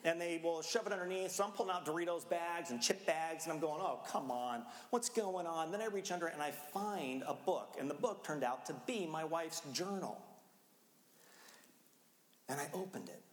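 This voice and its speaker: A man's voice: a little high, lively intonation, moderate pace. A middle-aged man preaching a sermon in a casual, conversational way, acting out his own frantic moments as a parent. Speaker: pastor. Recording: echoey hall, long reverb.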